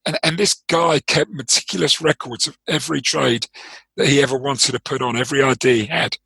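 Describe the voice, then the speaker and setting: A man with a London accent talks through his coaching approach in an interview. His voice is bright and a little husky, and it sounds dry and close. He is explanatory and circles back with repeated words as he thinks. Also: medium pitch, fairly even intonation, a little fast, dry recording, rough recording. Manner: thoughtful, explanatory, with frequent restarts and repeated words. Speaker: trading performance coach, interview guest. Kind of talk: interview conversation.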